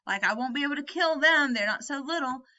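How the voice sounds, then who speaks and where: A woman's voice: sits high, expressive, quick pace, sharp tone, dull audio, voice pushed up. A woman reading the lines of a big, childlike, simple-minded man who pleads with his friend. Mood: pleading.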